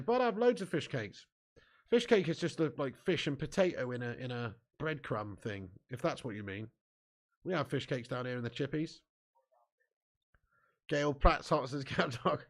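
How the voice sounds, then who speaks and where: A man hosting a football watch-along stream, reading out viewer comments in casual, jokey banter and laughing often. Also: mid-range voice.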